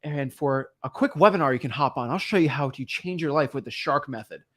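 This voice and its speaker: A man's voice: fairly quick, a bit bright, close to an everyday voice. A man doing a slick salesy course guru. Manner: pitchy sales patter.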